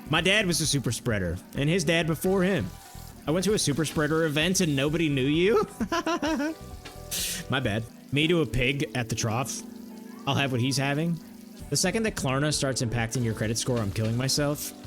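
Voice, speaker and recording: A man's voice: fairly high pitch, very animated, moderate pace, a bit bright, faint music behind. A young man streaming a game, riffing jokes to his chat and laughing often. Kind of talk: casual livestream banter while gaming.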